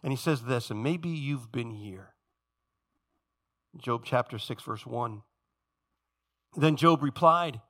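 A man in his forties preaching a sermon as pastor, telling stories dramatically and swinging from loud passages to hushed ones. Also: mid-range voice, takes it slowly, pauses often. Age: 40s.

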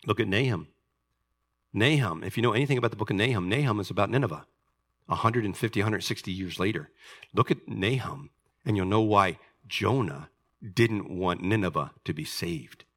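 Emphatic, bright-voiced male preacher. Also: mid-range voice, normal speed. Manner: animated, emphatic, rhetorical questions to the congregation. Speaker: pastor. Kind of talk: sermon.

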